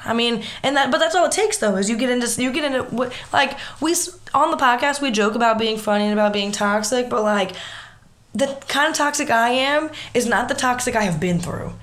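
A woman's voice: on the high side, a little fast, a bit bright. A woman co-hosting a podcast in casual chat, earnest and often repeating words as she speaks. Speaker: podcast co-host.

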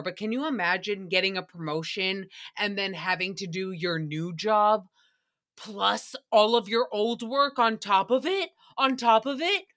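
A woman's voice: medium pitch, bright, forceful tone. A woman hosting a solo recap podcast, chatting in a sarcastic, rambling way full of tangents. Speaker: podcast host.

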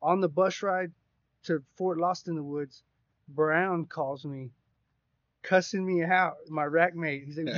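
Taking it slowly in a fairly high voice, a man co-hosting a podcast casually relates a rambling, profane story with animation. The audio is echo-free, dry, and slightly dull.

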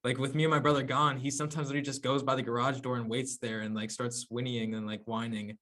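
A man's voice: medium pitch, flat delivery, fast, a bit bright. Young man telling stories and jokes. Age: young adult. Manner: laughing, corny-joke storyteller, says man a lot. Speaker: podcast co-host. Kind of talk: casual chat among friends.

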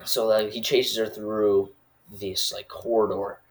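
A man's voice: lowish voice, flat delivery, a little slow. A man casually recapping a movie, rambling and full of filler words.

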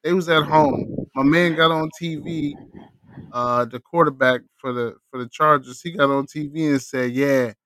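A man co-hosting a casual sports podcast, animated and profane, teasing his co-host. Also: on the high side, moderate pace, dry recording.

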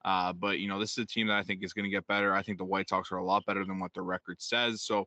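Guy cohosting a sports podcast, low flat voice but bright, dry close sound, rambles w lots of fillers. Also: fast, no echo. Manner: rambling, many fillers like "you know". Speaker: podcast co-host. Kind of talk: casual sports talk.

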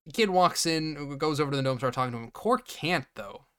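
With a clean tone, a voice on the high side, and a slightly fast delivery, a male podcast co-host casually recaps a film, performing the characters' lines and laughing often.

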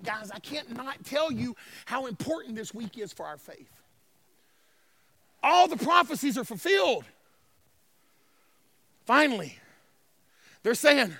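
A male pastor in full sermon mode, with a strikingly high, piercing voice. He swings between loud shouted proclamations and quiet, hushed passages, and he keeps calling out to the room with a "y'all". The sound is close and dry. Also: no echo. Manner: calls to the congregation, y'all. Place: church sanctuary.

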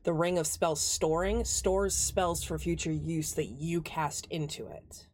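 A woman's voice: low-pitched, fairly even intonation, a little slow, darkish tone, slight background noise. A woman narrating as game master, chatty and meandering, with many fillers.

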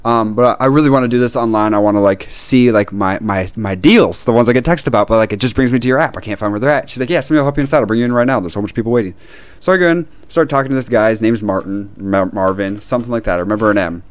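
A man with a Midwestern American accent, telling a long story as a podcast co-host in a casual chat, animated and full of swearing and laughs. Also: lowish voice, very fast, clear, resonant tone, no room sound. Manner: animated, profane ranting with frequent laughs.

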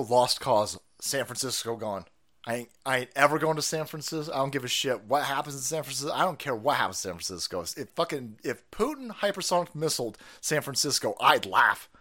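A man with a high, bright voice rants through a live stream, swearing hard and cackling at his own jabs. His pitch swings wide as he shifts between scorn and shouting. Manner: loud, swearing, laughing at his own jokes. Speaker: stream host. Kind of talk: profane political rant.

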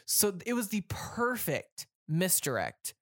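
A podcast co-host chatting casually about a film, relaxed and quick to agree, retelling scenes. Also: medium pitch, no room sound, clean studio sound. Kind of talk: casual film review chat.

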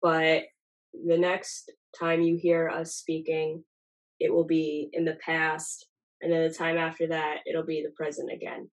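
A young woman hosts a podcast with a nasal voice that sits a little low for her. She talks in loose, rambling, self-deprecating chat. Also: completely flat delivery, unhurried, rough recording. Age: young adult. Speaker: podcast host. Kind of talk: casual chat.

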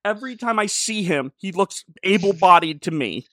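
A slightly high-voiced man recaps scenes in a lively, chatty way, slipping into the characters' voices as he goes. The sound is dry and close, with no room around him. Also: moderate pace, no room sound. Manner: animated, voices characters in quoted dialogue. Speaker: podcast co-host and pastor. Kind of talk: casual review chat.

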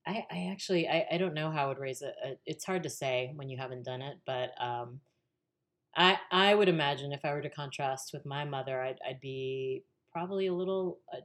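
A woman guest on a podcast, telling a story casually with lots of fillers, restarts and laughter. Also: extremely low pitch.

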